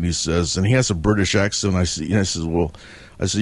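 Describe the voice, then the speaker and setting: A man's voice: low-pitched, fast talker, no echo. A man telling the story of a dream in a casual monologue, meandering and reflective as he retells it.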